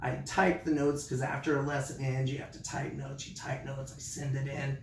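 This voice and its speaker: A man who teaches online, telling a story in a casual vlog with animated delivery. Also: mid-range voice, normal speed, roomy sound, far from the mic, a little hiss or hum. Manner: animated, acts out his classroom voice.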